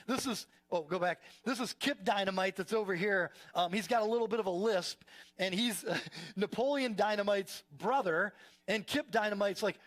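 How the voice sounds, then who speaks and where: High-voiced pastor preaching conversationally. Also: male voice, moderate pace. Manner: conversational, energetic storytelling with frequent restarts. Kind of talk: sermon. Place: church service before a live congregation.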